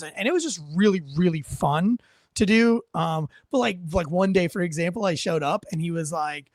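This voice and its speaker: Theatrical guy reading his own book out loud, kinda high voice, dry sound. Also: moderate pace, no room sound. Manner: enthusiastic, theatrical, lots of fillers. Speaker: guest, author reading his memoir. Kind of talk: animated storytelling and dramatic reading.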